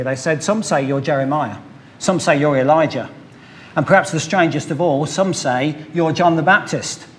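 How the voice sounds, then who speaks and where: A man preaching a sermon, opening with a told story and acting out its voices with measured pauses. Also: on the high side.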